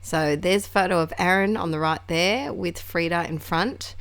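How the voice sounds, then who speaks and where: A woman's voice: on the low side, moderate pace, dry recording. A woman narrating her scrapbooking in a chatty, rambling way, with laughs and asides. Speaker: scrapbooking crafter. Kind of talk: casual craft vlog narration.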